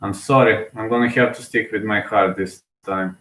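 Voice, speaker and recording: A man's voice: on the low side, fairly even intonation, moderate pace, a bit bright, roomy sound. A man giving casual live fight commentary, emotional and hesitant as he thinks aloud. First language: Serbian.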